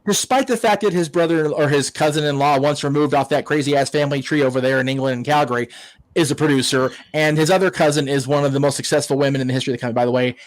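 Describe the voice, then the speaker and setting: A man's voice: on the high side, quick pace, dry recording, rough recording. A man hosting a wrestling watch-along, ranting casually with profanity and stammered restarts. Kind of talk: casual online chat.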